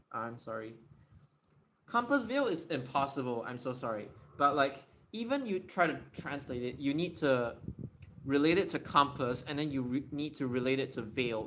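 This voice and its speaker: A man's voice: mid-range voice, fairly bright tone, slight background noise. A man hosting a casual livestream Q&A, thinking aloud and often correcting himself and apologizing. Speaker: livestream host. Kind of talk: casual livestream Q&A while writing.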